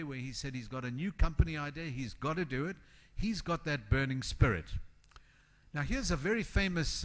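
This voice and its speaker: Addressing a hall audience, this conference keynote speaker gives a rousing motivational talk in a fairly high voice. When he quotes people, he slips into their voices, keeping everything animated and forceful.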